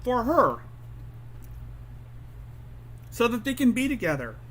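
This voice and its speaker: A man's voice: very high-pitched, big pitch swings, brisk, fairly bright tone, a little hiss or hum. A man hosting a commentary stream, talking in a sarcastic, mocking way with stumbling restarts. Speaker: streamer host.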